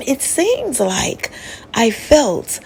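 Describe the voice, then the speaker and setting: A woman recounts a personal spiritual encounter in a loose, candid storytelling voice, swearing freely. Her pitch sits fairly high and swings widely from line to line, with heavy vocal fry throughout. A faint noise hangs behind her. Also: very slow. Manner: candid, animated, profane.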